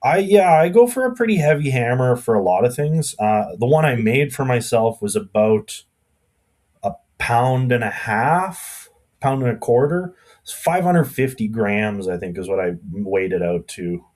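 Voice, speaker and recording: A man's voice: mid-range voice, expressive, a little slow, darkish tone. A man with a Canadian accent, a blacksmith guest chatting casually and rambling with lots of fillers on a podcast. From Alberta, Canada.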